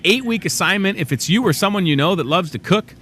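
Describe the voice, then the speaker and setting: A man's voice: high-pitched, lively intonation, fast, sharp tone, a little hiss or hum. A middle-aged man, hosting a casual daily talk show in a chatty, upbeat, self-joking way.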